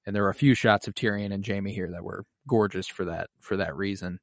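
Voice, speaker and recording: A man co-hosting a podcast recap in an easygoing, profane way. He talks animatedly and often acts out what characters say. His voice sits fairly low and sounds dry and close to the mic. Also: fairly quick, gravelly, dry recording. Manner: animated, swears freely, acts out characters' lines. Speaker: podcast co-host recapping an episode. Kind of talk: casual chat.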